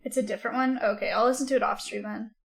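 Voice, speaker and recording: A woman streamer talks casually with her live chat, reacting aloud as comments come in. Her voice sits a little high. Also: fairly even intonation, very fast, creaky.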